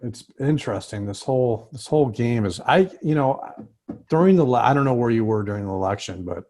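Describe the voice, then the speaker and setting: A man hosting a relaxed chat show in a husky, slightly raspy voice. He jokes loosely and swears now and then. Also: mid-range voice, brisk. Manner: joking and loose, with mild swearing. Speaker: host. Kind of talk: casual political chat.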